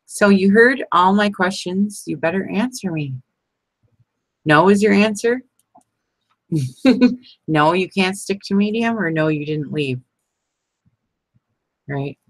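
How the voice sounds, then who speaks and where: Making envelopes on camera, this woman talks to her viewers by name and laughs often, keeping the crafting chat casual. Her mid-range voice moves slowly with frequent pauses, captured in a low-quality recording with no echo.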